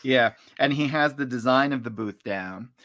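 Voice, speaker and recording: A man co-hosting a podcast, chatting casually, laughing often and describing comic strips out loud. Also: medium pitch, normal speed, no room sound, clean studio sound. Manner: laughs often, animated when reading. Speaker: podcast co-host. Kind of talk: casual chat, reading comic strips aloud.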